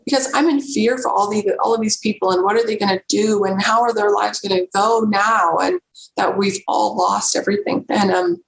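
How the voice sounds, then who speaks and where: An earnest woman recounts a personal story with feeling, often stopping and restarting mid-thought. Her voice sits in a middle pitch. It carries a roomy echo over a faint background hiss. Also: steady tone, gravelly. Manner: earnest, emotional, halting storyteller. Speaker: podcast guest.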